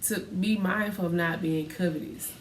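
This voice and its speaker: A woman co-hosting a casual podcast, telling stories and acting out quotes in a lively way. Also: on the low side, moderate pace, roomy sound, distant mic, slight background noise. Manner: animated storytelling, acts out quotes loudly. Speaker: podcast co-host. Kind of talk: casual faith podcast chat.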